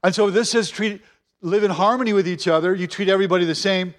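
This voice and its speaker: High-voiced pastor preaching a sermon. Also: male voice, fast talker. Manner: earnest, repeats phrases for emphasis.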